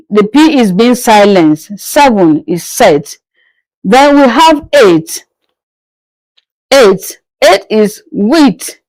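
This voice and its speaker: A woman's voice: on the high side, dry recording, poor audio. A woman teaching a pronunciation lesson, repeating each word several times and patiently asking and answering her own questions. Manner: patient, coaxing learners to listen closely. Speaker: French teacher. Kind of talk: slow drilling pronunciation lesson.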